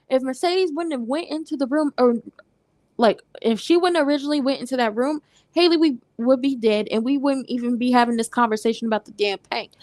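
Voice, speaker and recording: Sassy high-voiced woman recapping TV. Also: no room sound. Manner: animated, sassy, retells scenes with quoted voices. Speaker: recap host. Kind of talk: casual TV recap commentary.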